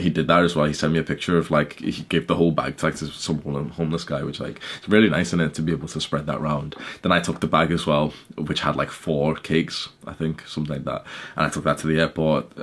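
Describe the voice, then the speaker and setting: A young man casually telling a story in his vlog, rambling with lots of "like" and swearing. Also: very deep voice. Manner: rambling, peppered with "like", swearing, laughing. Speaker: YouTuber.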